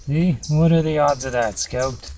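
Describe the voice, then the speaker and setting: A man's voice: on the high side, unhurried, a little mellow, slight background noise, low-quality recording. A man on a canoe trip, talking casually to his dog and narrating outdoors. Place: outdoors in a park.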